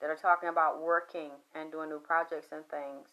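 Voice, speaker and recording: A woman telling a story in a loud, profane, excitable monologue, acting out the voices she quotes. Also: low voice, fairly quick, muffled recording. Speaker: spiritual commentator.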